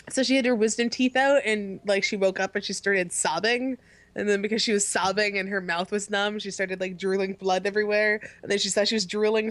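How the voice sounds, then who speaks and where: A woman's voice: mid-range voice, a bit bright, dry recording. A woman co-hosting a podcast in casual, chatty talk, often restarting her sentences. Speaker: podcast co-host. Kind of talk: casual chat.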